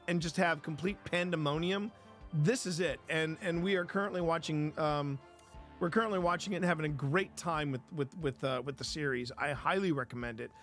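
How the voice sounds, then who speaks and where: A man's voice: high voice, a bit bright. A man hosting a live stream, chatting casually and rambling, with frequent restarts and casual swearing. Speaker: streamer host.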